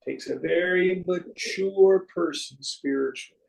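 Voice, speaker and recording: Slow, gravelly man teaching. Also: sits high, low-quality recording. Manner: storytelling, wry and joking. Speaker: spiritual teacher. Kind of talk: teaching a class on scripture.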